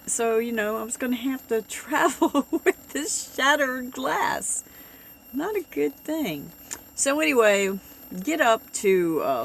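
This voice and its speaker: A chatty woman recounts her week at a slow, unhurried pace, her tone exasperated and animated. Faint ambient noise sits behind her voice. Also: fairly high pitch, vocal fry. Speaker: vlogger. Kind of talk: casual storytelling vlog. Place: living in a bus, camping.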